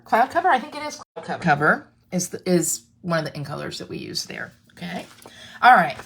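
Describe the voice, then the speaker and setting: A woman's voice: mid-range voice, fairly bright tone, a little hiss or hum. A woman leading a live crafting tutorial, chatting to viewers and reading their comments as she works, often restarting her sentences. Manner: chatty, self-interrupting, talks to viewers. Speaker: craft demonstrator.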